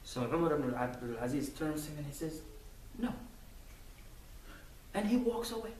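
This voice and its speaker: A man's voice: fairly high pitch, normal speed, slight background noise. Man preaching in an echoey mosque. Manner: animated storytelling with acted quotes. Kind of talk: Friday sermon. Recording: echoey mosque hall from far off.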